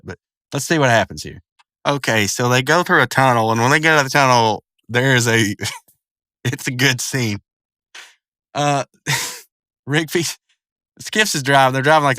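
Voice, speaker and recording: A man's voice: fairly low pitch, pushed and bright, smooth, dry recording, clean studio sound. A man giving casual commentary on a cartoon episode, rambling along with lots of fillers and restarts. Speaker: video commentator.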